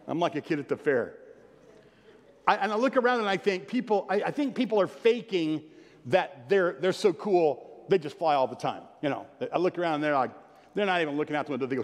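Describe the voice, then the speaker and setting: A man preaching a sermon, reading scripture and telling playful stories with sudden loud bursts of excitement. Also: a little high, moderate pace. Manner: animated, playful storytelling with sudden loud outbursts. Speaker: pastor. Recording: long hall reverb.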